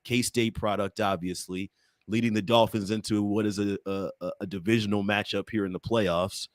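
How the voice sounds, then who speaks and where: A man hosting a sports podcast in casual chat, playful and teasing and quick to laugh. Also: fairly low pitch, fairly even intonation, no echo, clean studio sound. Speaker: podcast host.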